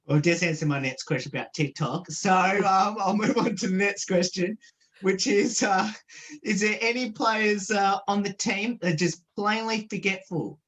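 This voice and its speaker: A woman's voice: medium pitch, normal speed. Hesitant woman interviewer reading questions. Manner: reads questions, hesitant fillers. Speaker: radio host interviewer. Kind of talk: remote interview. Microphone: video call.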